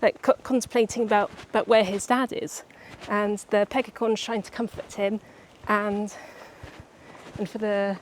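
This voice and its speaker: A young woman writer chatting casually about her book outdoors by the seaside, a little out of breath and halting, with many restarts. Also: medium pitch, little pitch movement, a little hiss or hum. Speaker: writer vlogger.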